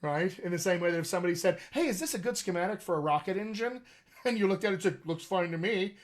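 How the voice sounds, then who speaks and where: A chatty male dialect coach hosting a live online Q&A. His voice sits a little high for a man, and he talks in an animated way, laughing often as he answers questions. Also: fast talker. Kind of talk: casual live-stream chat.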